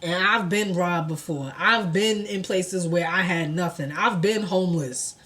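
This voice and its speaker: Woman quoting a protective male friend, calm and sincere, no big voice. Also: high voice, a little slow. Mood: earnest.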